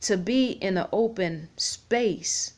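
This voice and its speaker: A woman's voice: medium pitch, a little mellow. A woman talking off the cuff in a vlog, rambling and repeating herself, holding back tears. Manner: rambling, repeats words, pauses to type on phone. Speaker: vlogger. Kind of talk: casual unscripted talk to camera.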